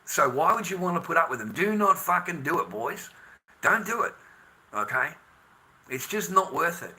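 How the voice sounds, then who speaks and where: A man's voice: fairly high pitch, big pitch swings, normal speed, sharp tone. An Australian man in his fifties on a livestream, lecturing the men in his audience in a heated, profane rant. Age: 50s. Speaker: livestreamer addressing viewers. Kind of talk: ranting livestream monologue.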